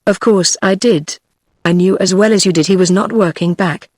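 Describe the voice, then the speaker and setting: A text-to-speech woman's voice with a British English accent, reading the lines of a composed, sharp-witted young secretary in a brisk, firm manner. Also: lowish voice, no echo, studio quality, natural voice.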